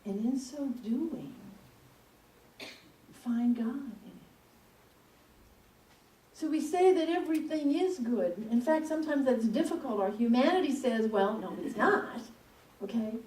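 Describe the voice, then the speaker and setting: A woman speaking from the pulpit, telling a personal story in an animated, conversational way. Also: a little high. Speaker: speaker at a spiritual center. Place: church hall. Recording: echoey room, mic at a distance.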